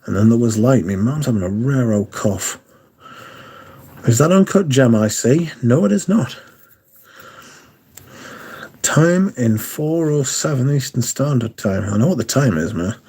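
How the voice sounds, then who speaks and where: A man's voice: mid-range voice, expressive, unhurried, pauses often, warm tone, breathy edge. A man hosting a casual livestream, chatting with viewers and swearing freely, his voice worn down by a sore throat. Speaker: livestream host.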